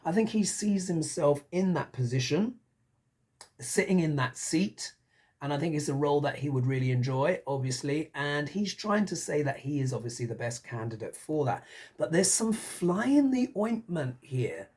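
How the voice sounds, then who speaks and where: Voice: medium pitch, expressive, moderate pace, darkish tone, breathy edge. A tarot reader giving a casual, musing reading, talking it through aloud and often tossing in rhetorical questions.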